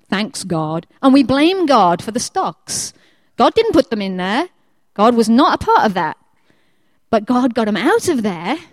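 A woman preaching a sermon, lively and conversational, who acts out the prayers of the people she talks about. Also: fairly high pitch, no room sound. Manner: lively, acts out quoted prayers in changing voices.

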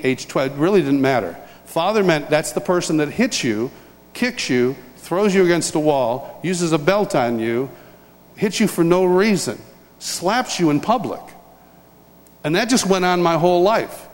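An older man from upstate New York, preaching a sermon as a lively personal story with chuckles and restarts. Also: fairly high pitch. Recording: long hall reverb.

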